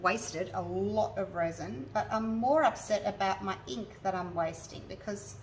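A woman's voice: medium pitch, unhurried. Woman, chatty step-by-step craft tutorial, mid-height voice, slightly distant mic. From Australia. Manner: chatty, narrates each step aloud as she works, talks to viewers directly. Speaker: resin artist showing her craft. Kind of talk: casual hands-on craft tutorial. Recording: mic a little away, faint background noise.

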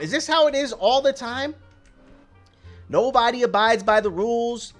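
A young man giving casual, slangy gameplay commentary as a YouTuber, rambling and excitable, shouting at other drivers. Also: very high-pitched, moderate pace, soft background music. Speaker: gaming YouTuber.

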